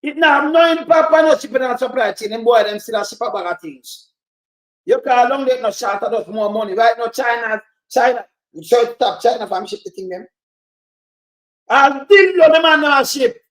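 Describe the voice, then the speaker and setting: A man's voice: very high voice, brisk. Rambling Jamaican man in a roomy echo. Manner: animated, rambling, swears. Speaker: commentator reacting to a clip. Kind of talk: casual reaction commentary.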